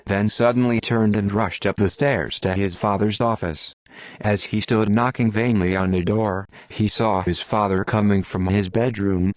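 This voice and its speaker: A man reading a classic novel aloud in a measured, steady narration. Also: fairly low pitch, no echo. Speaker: audiobook narrator. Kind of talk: scripted narration. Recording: dry close sound.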